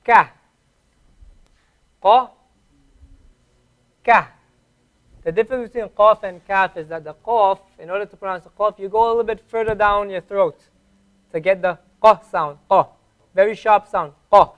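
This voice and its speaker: Teacher, male, high-pitched, patient, drills and repeats sounds slowly in a classroom lesson. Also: a bit bright. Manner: slow, patient, repeats each sound clearly. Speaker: Arabic teacher.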